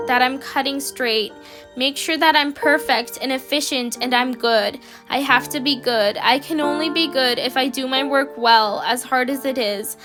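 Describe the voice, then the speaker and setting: A woman with a high voice tells a story in the first person, soft and halting as she works through her thoughts. Music plays clearly behind her throughout. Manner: soft, halting inner monologue.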